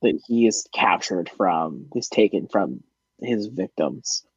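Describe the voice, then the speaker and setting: A young man narrates a tabletop game at a slow, halting pace, often pausing on fillers. His voice sounds dull and lo-fi, as if from a basic home mic, and the sound is dry. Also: fairly low pitch, expressive, husky, no echo. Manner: hesitant narration with many fillers. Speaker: dungeon master. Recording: dull lo-fi audio.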